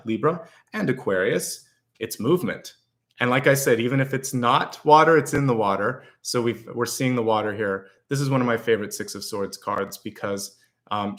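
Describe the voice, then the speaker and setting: A man walks his viewers through the week's tarot spread, one star sign after another. His voice sits at an ordinary middle pitch. He talks in a loose, conversational way, stopping to reword himself and steadily reassuring the listener. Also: fairly bright tone. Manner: reassuring, speaks directly to viewers; conversational, with fillers and restarts. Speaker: tarot reader. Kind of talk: weekly astrology and tarot reading.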